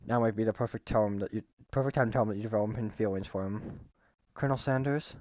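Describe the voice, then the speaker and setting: A man's voice: lowish voice, fairly even intonation, very fast, a little mellow, no room sound, muffled recording. A man streaming a casual game playthrough, reading the text aloud and joking and swearing at it.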